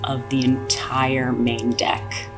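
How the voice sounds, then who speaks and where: A woman in her thirties, a sailing show host, telling boating mishaps in an animated, self-mocking way. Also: extremely low pitch, slow, over music. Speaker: sailing YouTube host and captain. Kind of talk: storytelling interview chat.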